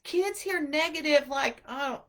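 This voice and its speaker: A middle-aged woman giving an earnest, animated inspirational talk to mothers about homeschooling. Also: high-pitched, measured pace. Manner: animated, earnest, acts out quotes. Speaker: homeschool speaker.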